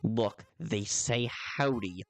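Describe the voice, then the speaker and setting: A man's voice: fairly low pitch, slow. A man streaming a video game, chatting casually in a rambling, playful way and often correcting himself. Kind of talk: casual livestream chat.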